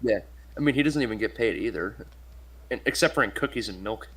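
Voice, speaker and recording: Lower-voiced man joking in a casual chat. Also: brisk, fairly bright tone, breathy edge. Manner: joking, laughs a lot. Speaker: co-host.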